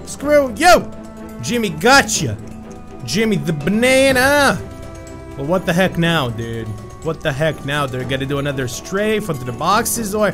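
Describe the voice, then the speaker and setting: Young guy yelling over a parkour game, voice jumping all over the place, faint music behind. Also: sits high. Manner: loud, shouts at his game character; animated, swings from yelling to muttering. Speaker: gaming YouTuber. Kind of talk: excited gameplay commentary.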